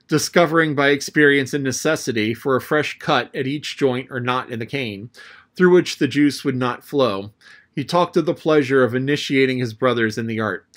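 A man reading a classic adventure novel aloud as an audiobook narrator, telling the story in a lively way. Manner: lively storytelling, raising his pitch for the boy's lines.

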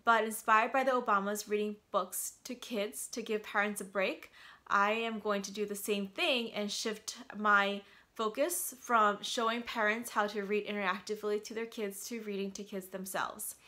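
Woman reading a picture book to kids, animated and expressive, with a bright tone. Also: mid-range voice, moderate pace. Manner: animated, gasping at surprises. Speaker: doctor and mom reading to kids.

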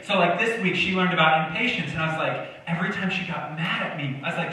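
A man's voice: high voice, expressive, brisk, few pauses, bright, forceful tone. A young man preaching a sermon in a joking, conversational way, drawing replies from the congregation. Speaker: pastor. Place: church sanctuary. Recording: echoey church hall from far off.

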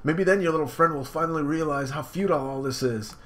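A man's voice: on the high side, fast talker, a bit bright, pitched above the performer's own voice, natural voice. A man putting on a raised, mocking voice for an arrogant enemy commander while reading comic dialogue aloud. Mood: sneering.

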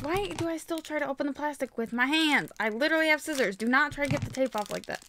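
A young woman chatting casually while unboxing toys, gushing and gasping with excitement. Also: high-pitched, quick pace, few pauses, a little hiss or hum. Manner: gushing, excitable, frequent gasps. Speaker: toy vlogger.

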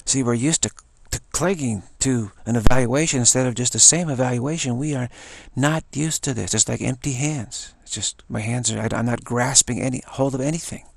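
A meditation teacher guides a spoken practice, unhurried and musing, returning to the same word over and over between short phrases. His voice is mid-range and gravelly, with no echo.

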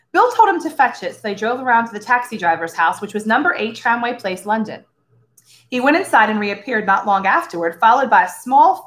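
A woman reading a story aloud to schoolchildren, expressive and ready with character voices. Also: mid-range voice.

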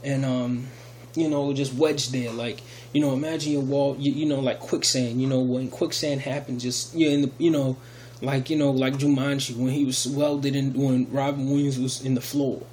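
A man's voice: mid-range voice, little pitch movement, moderate pace, darkish tone, a little hiss or hum. Rambling man telling a testimony. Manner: rambling, many restarts and fillers. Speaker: video testimony speaker. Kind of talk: casual spoken testimony.

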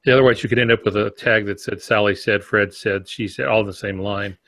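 A man co-hosting a podcast on fiction writing, explaining points in a relaxed, thoughtful way with examples. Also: lowish voice, fast, dry recording. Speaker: podcast co-host. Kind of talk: casual podcast discussion on writing.

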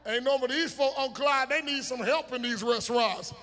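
In a church sanctuary full of long hall reverb, a pastor delivers a sermon, his male voice high and bright as he shouts. He draws out emphatic phrases, bursts into sudden shouts, teases the congregation, and leads call-and-response.

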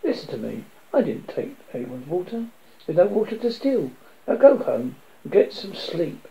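A man reading a calm young leader. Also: high voice, normal speed, creaky, pitched above the performer's own voice, heavily acted, low-quality recording.

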